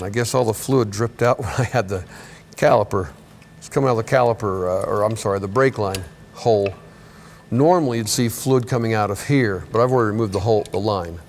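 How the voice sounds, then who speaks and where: A middle-aged man with a somewhat low voice walks students through a brake job in a repair shop. He talks in a relaxed, chatty way and corrects himself as he goes. A faint hum runs underneath. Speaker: automotive instructor. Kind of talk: hands-on workshop demonstration.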